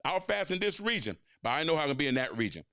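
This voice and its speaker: A middle-aged man, a coach telling a motivational life story in a dramatic way, jumping from loud excitement to low, quiet lines. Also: racing, clear, resonant tone, dry recording, clean studio sound. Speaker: coach and podcast host.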